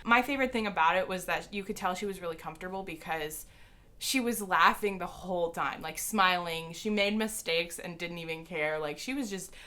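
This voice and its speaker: A young woman vlogger tells a story straight to camera, gushing like an excited fan. Her voice sits low but rings bright and forceful. She fills her sentences with "like.". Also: fairly quick. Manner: peppers speech with "like".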